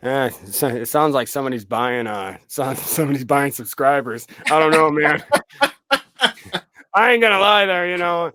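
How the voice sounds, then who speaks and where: A man's voice: a little high, expressive, normal speed, bright, forceful tone, dry recording. A man, a film director guest, chatting casually on a podcast, swearing freely and acting out his own reactions.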